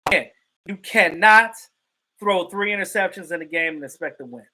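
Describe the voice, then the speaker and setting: A livestream host gives casual sports commentary and answers viewers in chat. The delivery is emphatic and profane, with points hammered home by repetition. The voice is bright and forceful and swings widely in pitch. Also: animated, fast talker. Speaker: live stream host reading chat.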